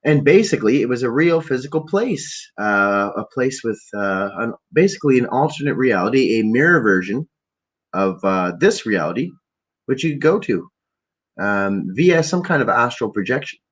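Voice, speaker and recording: A man's voice: mid-range voice, big pitch swings, moderate pace, breathy edge. A man from Canada hosting a podcast, telling a meandering story in a casual rambling monologue, often trailing off into fillers and restarts. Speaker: podcast host.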